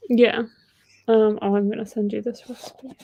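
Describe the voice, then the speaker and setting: A woman hosting a casual reading stream, talking in a chatty, excitable way with frequent giggles. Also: on the high side, moderate pace, vocal fry, slight background noise. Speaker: host of a reading sprint stream. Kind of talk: casual livestream chat.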